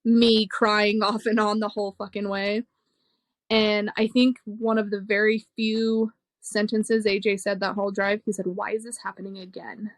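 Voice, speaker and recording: Her medium-pitched voice stays level and unhurried as this young podcast guest shares an emotional personal story. She curses freely and laughs between painful moments, and the recording has no room sound.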